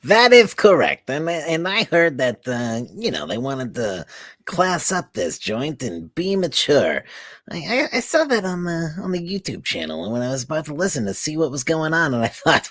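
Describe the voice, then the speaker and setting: A man's voice: a little high, very animated, normal speed, a bit bright, no room sound, clean studio sound. A man chatting as a guest on a podcast, rambling playfully and stammering as he talks. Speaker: guest co-host. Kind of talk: casual chat.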